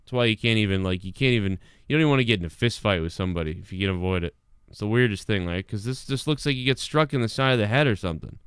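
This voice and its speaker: A man's voice: on the low side, lively intonation, very fast, clean tone, dry recording, studio quality. A young man hosting a live stream, talking casually in a rambling way with lots of swearing and restarts.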